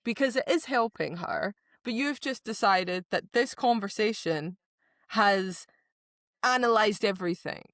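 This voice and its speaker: A woman's voice: mid-range voice, animated, measured pace, fairly bright tone, dry recording. A woman co-hosting a podcast in casual book discussion, animatedly acting out characters' lines and swearing casually. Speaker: podcast co-host.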